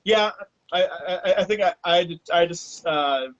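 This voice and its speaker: A podcast host telling a funny story in casual chat, animated and laughing through it. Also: medium pitch, normal speed, muffled recording.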